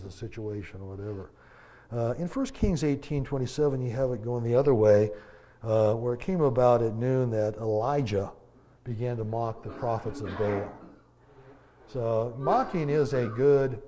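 A man preaching a sermon in a casual, halting way, with lots of fillers and the odd folksy joke. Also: mid-range voice, mellow. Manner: conversational, halting, many fillers and restarts; folksy, joking aside.

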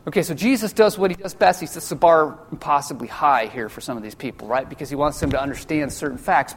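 A man preaching a sermon in a loose, conversational way, full of jokey asides and quick acted-out voices for the people in his stories. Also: fairly high pitch, a little hiss or hum. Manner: casual, jokey asides, acts out quoted voices. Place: church sanctuary. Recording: long church-hall reverb.

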